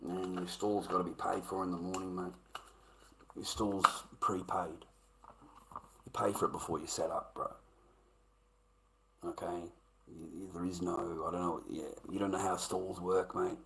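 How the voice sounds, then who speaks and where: A man's voice: deep voice, level tone, moderate pace, gravelly, pauses often, a bit bright, poor audio. An Australian man, a livestreamer, in casual rambling chat, swearing constantly and calling everyone mate.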